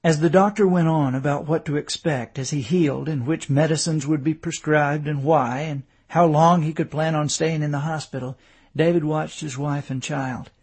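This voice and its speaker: A man narrating a novel in a measured storytelling voice. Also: on the high side, fairly even intonation, a little mellow, breathy edge. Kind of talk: audiobook narration.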